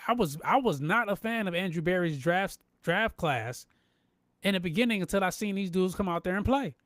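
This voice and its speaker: A man hosting a live sports podcast, animated and emphatic, repeating himself and talking straight to his chat. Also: high-pitched, moderate pace, no echo, studio quality. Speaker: podcast host. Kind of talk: live-stream sports talk.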